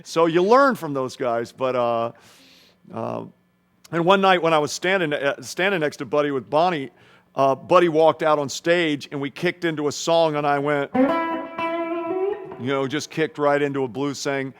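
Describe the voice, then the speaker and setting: A man's voice: on the high side, moderate pace, fairly bright tone, clear, resonant tone. A man, a guest guitarist, rambling through anecdotes in a casual interview and acting out voices and guitar sounds.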